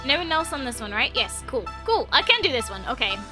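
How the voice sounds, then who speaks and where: A woman's voice: high voice, very animated, brisk, music in the background. A young woman streaming a let's play, chatting in a bubbly, gushing, giggly way into a desk mic at home.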